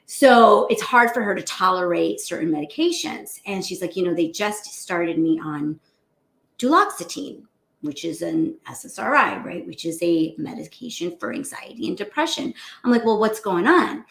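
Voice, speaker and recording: A woman cardiologist talking casually to a group, telling a patient's story in a lively way. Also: fairly low pitch, vocal fry, roomy sound. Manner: animated storytelling, acting out her patient's voice. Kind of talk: casual morning talk to a group.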